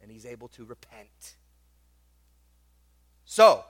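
A man preaching a sermon, swinging between loud emphatic stresses and quiet asides, and often repeating words as he restarts a phrase. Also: on the high side, measured pace. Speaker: pastor. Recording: long hall reverb.

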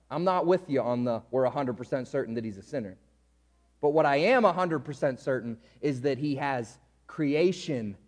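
Lively high-voiced preacher in a hall. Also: male voice. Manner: conversational preaching, frequent "right?" check-ins. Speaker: pastor. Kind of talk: sermon.

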